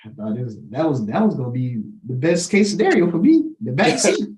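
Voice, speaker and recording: A man's voice: mid-range voice, wildly swooping pitch, fairly quick, a little mellow. A man co-hosting a podcast, chatting casually and telling stories, often acting out the voices of people he quotes. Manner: storytelling, acts out quoted voices. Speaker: podcast co-host. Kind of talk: casual chat. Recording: roomy echo.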